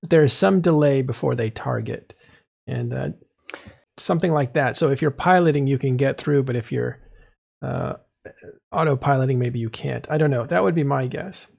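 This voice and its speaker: A man's voice: medium pitch, moderate pace, vocal fry, darkish tone. A man co-hosting a gaming podcast, chiming in casually with his guesses. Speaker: podcast co-host.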